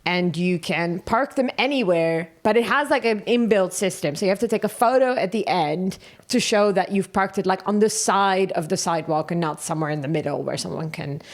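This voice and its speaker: A woman's voice: fairly low pitch, fairly quick, few pauses. A Dutch woman in her thirties, a comedian co-hosting a casual comedy podcast, telling stories with lots of laughter. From Netherlands. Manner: animated storytelling, laughs often.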